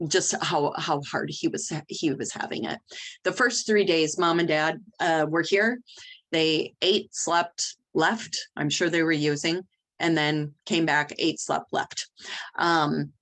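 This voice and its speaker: A middle-aged woman who cares for newborns, telling a family's story in an interview in a candid, direct way. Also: sits low. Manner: candid, direct, animated retelling. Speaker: nursery nurse leader.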